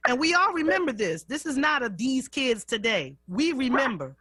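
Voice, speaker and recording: Bright-voiced woman radio host. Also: sits high, sing-song, moderate pace, breathy edge, no room sound, studio quality. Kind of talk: radio talk show conversation. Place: radio studio.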